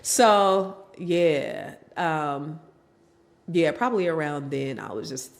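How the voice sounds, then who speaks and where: On a podcast, a middle-aged woman guest speaks slowly in a low voice, candidly sharing her personal story. She's animated and plays out the quoted words of family members.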